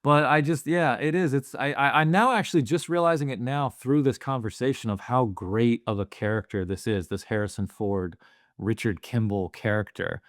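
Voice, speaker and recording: Male podcast co-host, mid pitch, earnest rambling style, dry close mic. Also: normal speed, no room sound. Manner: earnest, thinks aloud with many fillers. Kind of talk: casual movie discussion.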